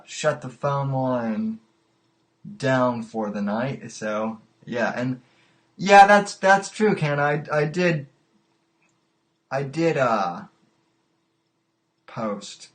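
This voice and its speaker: A man hosting a live call-in podcast, chatting casually and amused, often stalling and repeating words as he goes. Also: mid-range voice. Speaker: podcast host taking calls. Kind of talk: casual live-stream chat.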